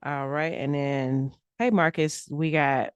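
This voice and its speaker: A woman's voice: low-pitched, fairly even intonation, slow, clear, resonant tone, dry recording. A woman co-hosting a casual political talk stream, chatty and teasing as she reads viewer comments aloud. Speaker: co-host reading viewer comments.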